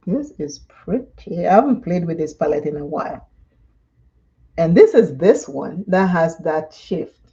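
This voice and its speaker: A woman hosts a live makeup tutorial, chatting slowly and unhurriedly between steps. Her voice is mellow and soft-edged, and she laughs easily as she tells stories. The sound is a little dull and muffled. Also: fairly low pitch, sing-song. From Dominica. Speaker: makeup vlogger.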